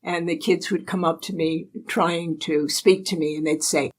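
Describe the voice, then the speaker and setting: Telling stories as a guest in a casual interview, an older woman from the United States chats and laughs frequently. Her voice is fairly low with fairly even intonation, she speaks at a normal speed, and the recording is rough.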